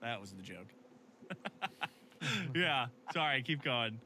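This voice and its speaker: A man's voice: medium pitch, animated, slow pace, pushed and bright, a little hiss or hum. A man hosting a casual chat, joking and swearing freely. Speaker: host.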